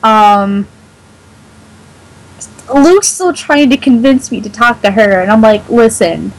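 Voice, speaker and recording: A woman telling a story to friends in casual chat, animated and full of swearing. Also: on the high side, slow, rough recording.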